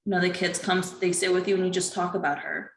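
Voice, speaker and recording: A woman interviewer speaking gently and reassuringly over a video call. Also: fairly low pitch, fairly even intonation, fast, roomy sound, low-quality recording. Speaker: interviewer, host. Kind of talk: supportive interview.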